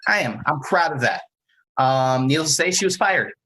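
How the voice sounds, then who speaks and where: Husky podcast guy telling a story, acts out what people said. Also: on the high side, moderate pace, rough recording. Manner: animated, acts out quotes. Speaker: podcast co-host. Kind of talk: casual storytelling.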